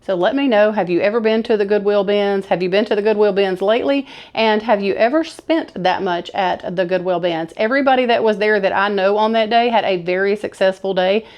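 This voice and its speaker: A woman's voice: medium pitch, fairly quick, hardly any pauses, highs cut off. Chatty woman showing off a thrift haul. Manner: chatty, enthusiastic, says y'all. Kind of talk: casual haul chat to camera.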